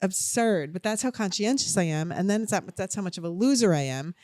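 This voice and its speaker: A young adult woman with a New Jersey accent, co-hosting a podcast in casual chat, telling a story in an animated, self-deprecating way. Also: mid-range voice, brisk, dry recording. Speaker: podcast co-host.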